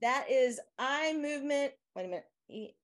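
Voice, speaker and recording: A woman's voice: sits high, expressive, normal speed. A woman with a Southern US accent, a guest chatting casually in an interview, rambling with many fillers and restarts. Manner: laughs often. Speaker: guest, software owner.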